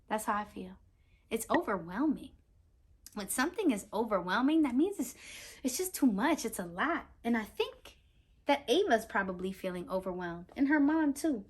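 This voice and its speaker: As their teacher, a woman reads a picture book aloud to young children, animated and asking them questions directly in a read-aloud lesson. Her voice is a little high and husky, at a normal speed.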